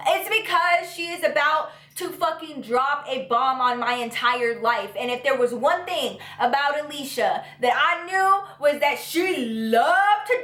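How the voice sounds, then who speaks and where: A young woman with a high, bright voice tells a storytime to her viewers. She is animated and profane and acts out every twist dramatically. The room around her sounds echoey. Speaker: vlogger. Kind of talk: storytime vlog.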